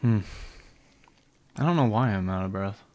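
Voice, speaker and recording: A man's voice: on the low side, animated, moderate pace, a little mellow, no room sound. A young man hosting a casual podcast chat, laid-back and teasing with crude jokes. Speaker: podcast host.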